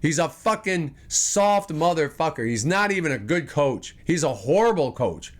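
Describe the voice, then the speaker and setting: A man's voice: a little high, big pitch swings, moderate pace. A man hosting a fan podcast, delivering an angry, profane, rambling sports rant.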